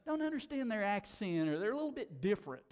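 A man preaching a sermon in a folksy, casual way, talking slowly and dropping asides like "man" and "you know.". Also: high-pitched, sing-song, a little mellow. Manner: slow-talking, by his own account. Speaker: pastor.

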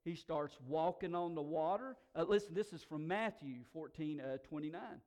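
A male pastor preaching a sermon in a conversational way, swinging from quiet asides to loud, emphatic bursts. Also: a little high, normal speed. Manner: conversational, folksy fillers.

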